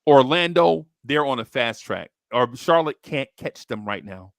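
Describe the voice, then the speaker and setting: Man, podcast host, slangy, excitable, gravelly, slightly high voice, dry close sound. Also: measured pace, no echo. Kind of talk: animated storytelling chat.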